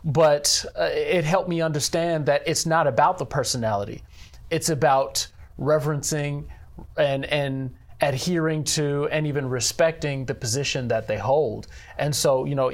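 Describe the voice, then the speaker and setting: A man who directs a church ministry, speaking earnestly in an interview about faith, measured and leaning on "you know.". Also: on the high side.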